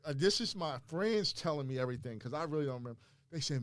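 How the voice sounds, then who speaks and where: A man from Maryland, a podcast guest, telling his personal faith testimony in an animated way, often restarting and repeating words. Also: on the high side, fast talker, no room sound. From Maryland, USA.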